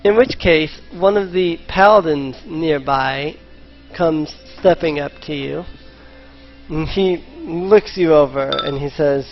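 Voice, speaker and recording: A man running a tabletop game as game master, talking slowly and hesitantly with frequent ums and restarts. His voice is fairly high for a man. The sound is slightly muffled, like an online voice chat. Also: soft background music. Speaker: dungeon master.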